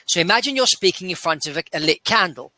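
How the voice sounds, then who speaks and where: A man's voice: sits high, lively intonation, fast, sharp tone, no echo. A man with an English accent chatting casually as an interview guest, thinking aloud and restarting his sentences. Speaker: interview guest, aircraft dealer. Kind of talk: casual chat.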